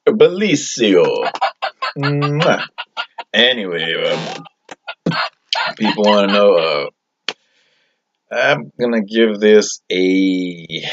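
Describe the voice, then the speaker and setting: A man hosting a comic food review in a tough-guy persona, hesitant and rambling with a repeated "yo". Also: deep voice. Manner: hesitant, rambling, lots of fillers, "yo" catchphrase. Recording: dull lo-fi audio, faint hiss.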